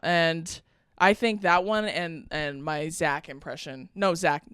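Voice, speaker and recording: A bright, crisp-voiced young woman co-hosting a casual podcast. She giggles a lot and breaks into loud, laughing shouts. The sound is close and dry. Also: deep voice, slow, no room sound. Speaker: podcast co-host. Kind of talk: casual chat.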